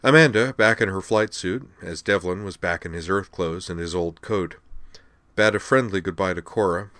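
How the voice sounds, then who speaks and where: A man narrating an audiobook in an even, measured storytelling manner. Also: low-pitched, no echo. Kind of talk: scripted narration.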